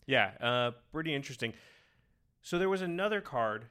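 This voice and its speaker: A man co-hosting a podcast, talking casually, quick and enthusiastic, rambling with restarts. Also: medium pitch, animated, sharp tone, clean tone. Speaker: podcast co-host. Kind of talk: casual chat.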